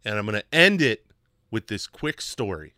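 A man hosting a podcast, telling a personal story in a casual, animated way with emphatic repetition. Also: lowish voice, moderate pace, no echo, clean studio sound. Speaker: podcast host.

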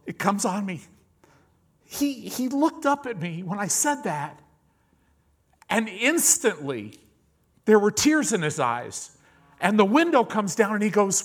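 A man in his fifties preaching, telling a testimony story in an animated way. He repeats words often and acts out the people in his story. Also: high voice, unhurried. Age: 50s.

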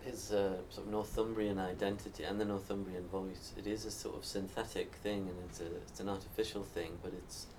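Low-voiced man on a distant mic. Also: flat delivery, a little fast, few pauses. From Northumberland, England. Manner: thoughtful, storytelling, some restarts. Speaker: panelist. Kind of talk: live panel discussion. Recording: distant mic, faint background noise.

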